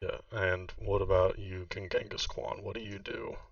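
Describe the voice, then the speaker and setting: A man's voice: low voice, level tone, normal speed, crowd noise. A man narrating a tabletop game as game master, rambling with many fillers. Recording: distant muffled mic.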